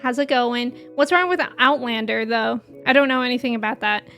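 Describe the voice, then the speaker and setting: Young American woman game streamer, high-pitched, rambling casual chat with viewers. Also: a little fast, a bit bright, faint music behind. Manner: chatty, rambling, laughs often.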